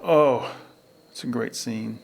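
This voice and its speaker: A man's voice: medium pitch, slow, vocal fry, husky. A man hosting a casual podcast outdoors by a river, telling rambling stories about films. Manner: rambling storyteller, acts out film quotes. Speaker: podcast host. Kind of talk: casual chat. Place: outdoors at a state park by a river.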